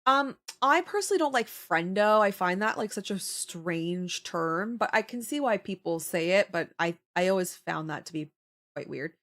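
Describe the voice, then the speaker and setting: A young woman chats casually on her live stream. Her voice sits at a middle pitch, and she laughs easily. She is animated and talkative as she reacts to her viewers' comments. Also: normal speed. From Canada. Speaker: livestreamer.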